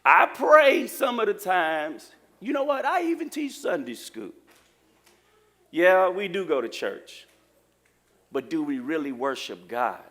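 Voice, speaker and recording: Lively joking preacher man. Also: high voice, slow. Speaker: pastor. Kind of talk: sermon. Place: church.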